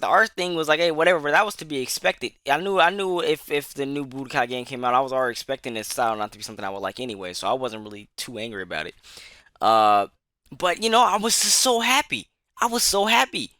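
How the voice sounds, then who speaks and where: Man, gaming commentator, fired-up profane rant, very bright fairly high voice, dry close sound. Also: no room sound. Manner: profane, emphatic, repetitive. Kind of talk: angry ranting monologue.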